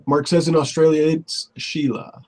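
A man's voice: a little high, flat delivery, moderate pace, a crowd in the background. A man reading viewer comments aloud on a livestream, playful and casual. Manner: reads out chat messages, playful. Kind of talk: casual chat.

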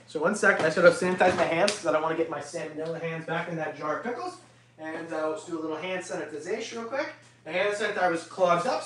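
A man hosting a casual reptile livestream, jokey and excitable, often breaking into laughs. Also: high voice, slight background noise. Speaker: reptile channel host. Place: home reptile room. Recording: echoey room.

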